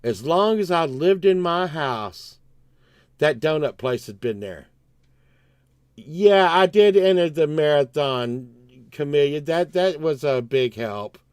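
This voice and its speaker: Slow, profane man ranting. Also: a little high, expressive, a little mellow, clear, resonant tone, no echo, studio quality. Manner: profane, exasperated, acts out both sides. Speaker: livestreamer. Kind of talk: rambling storytelling rant.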